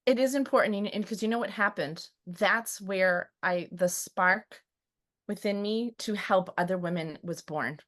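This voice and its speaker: A woman's voice: medium pitch, measured pace, fairly bright tone. A middle-aged woman talking about her life in a podcast conversation, emotional and hesitant, with frequent restarts. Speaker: guest. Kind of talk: personal conversation and poem reading.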